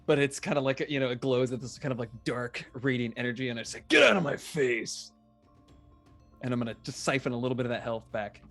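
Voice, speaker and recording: A man playing a tabletop game, explaining his turn in a relaxed, chatty way. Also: mid-range voice, fast talker, hardly any pauses, soft background music. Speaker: player. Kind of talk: casual tabletop play.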